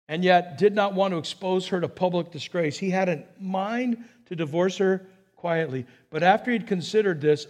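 A male pastor preaching a sermon, asking the congregation rhetorical questions and repeating words as he builds his points. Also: high voice.

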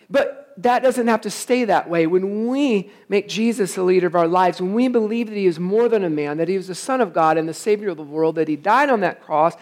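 Male pastor, emphatic sermon delivery, full of rhetorical questions to the congregation. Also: sits high. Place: church service, also streamed online.

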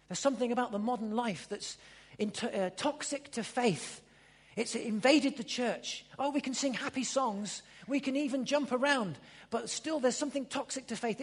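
A preacher delivering a sermon with a lively voice that swings widely up and down in pitch. The tone is slightly husky, and the preacher hammers home repeated phrases. The voice rings with the long reverb of a church hall. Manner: emphatic, repeats phrases, drops to a hush for emphasis.

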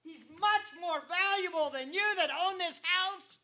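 A man's voice: very high-pitched, unhurried, pushed and bright, voice pushed up, heavily acted. A preacher acting out a weeping woman who taunts her proud host, on a dull lo-fi recording. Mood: taunting. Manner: defiant, taunting.

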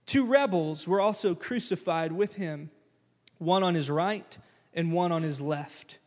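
A male pastor preaches in a fairly high, unhurried voice, lively and conversational, slipping into casual phrases as he walks through a scripture reading. A long church-hall reverb fills the recording.

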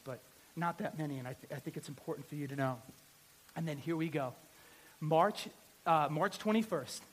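A man preaching a sermon as a pastor, telling a story with emphatic repetition and swinging between loud and hushed delivery. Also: sits high.

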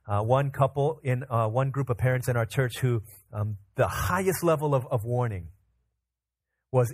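A pastor preaching a sermon, retelling a story in a lively way with restarts and fillers. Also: male voice, mid-range voice, moderate pace, no echo.

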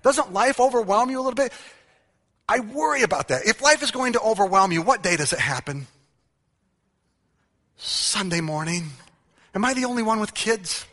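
A man's voice: high voice, expressive, normal speed, long pauses, bright, forceful tone. A middle-aged man preaching a humorous sermon, telling family stories with acted-out quotes and self-mocking jokes. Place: large church hall. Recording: church hall with long reverb.

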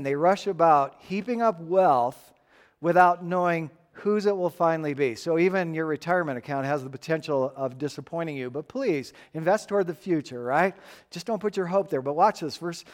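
A man preaching a sermon, telling a personal story with animated rises and drops and frequent restarts. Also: fairly high pitch, normal speed, in a large hall. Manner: animated storytelling, rising and falling, repeated restarts. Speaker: pastor.

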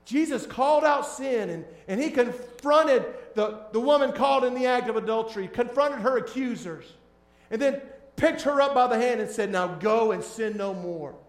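A man preaching as a pastor, shifting between hushed, tender lines and loud, emphatic ones. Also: very high-pitched, normal speed, roomy sound. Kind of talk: sermon.

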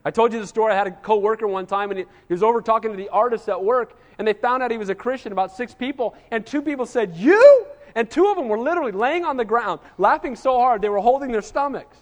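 A man's voice: sits high, quick pace, few pauses, in a large hall. A man preaching a sermon as pastor, emphatic and conversational, often asking his congregation "Amen?".

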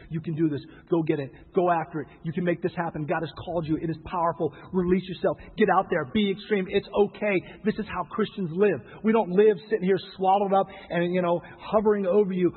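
A man's voice: sits high, slightly rough. Impassioned man preaching in a reverberant hall. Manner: impassioned, pleading, rising to loud exhortation. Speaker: pastor. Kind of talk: sermon. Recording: phone-like sound with long hall reverb.

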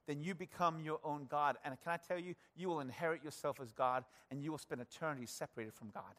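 A man preaching a sermon in an earnest, conversational way, often turning to address the congregation directly and swinging between quiet, low passages and raised emphasis. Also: quick pace, hardly any pauses. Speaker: pastor.

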